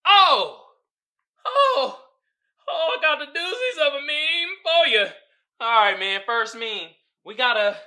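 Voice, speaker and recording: A man hosting a podcast, in casual comedic commentary that is animated and profane, with frequent laughs. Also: extremely high pitch. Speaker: podcast host.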